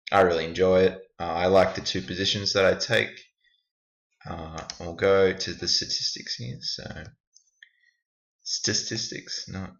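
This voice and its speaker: Deep-voiced man, rambling self-critical screen walkthrough, muffled lo-fi sound. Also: vocal fry, fairly bright tone. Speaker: trader reviewing his backtest results. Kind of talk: casual screen-recording walkthrough. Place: indoors at a computer. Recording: echoey room, dull lo-fi sound.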